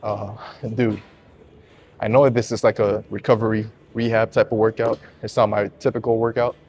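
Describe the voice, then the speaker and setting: A man's voice: on the low side, little pitch movement, normal speed, a little mellow, a little hiss or hum. A man talking casually in a gym between sets, out of breath, candid and swearing freely. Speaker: fitness vlogger. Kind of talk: casual gym vlog talk.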